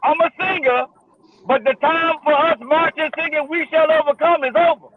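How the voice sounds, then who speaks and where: A man's voice: very high-pitched, steady tone, normal speed, narrow, tinny audio, slight background noise. A man speaking as a guest DJ in a heated panel discussion, fiery and challenging, hammering out questions.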